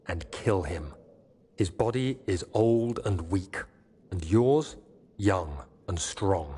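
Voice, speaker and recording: A man's voice: fairly low pitch, a little mellow, lightly acted. A man voicing a grim young man who leaves a solemn recorded warning to himself in a game. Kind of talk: scripted game voice-over.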